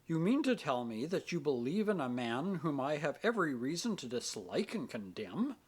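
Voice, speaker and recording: A proud middle-aged minister speaks with stern authority and biting irony, his husky voice sitting a little high. A man voices him in an audiobook reading. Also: sing-song, moderate pace. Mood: stern reproach.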